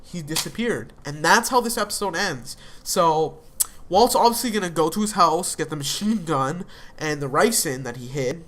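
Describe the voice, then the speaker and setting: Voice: mid-range voice, expressive, normal speed, a bit bright, slight background noise. A young adult speaker recapping a TV episode in a casual, rambling way, full of fillers and restarts. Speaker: TV episode reviewer.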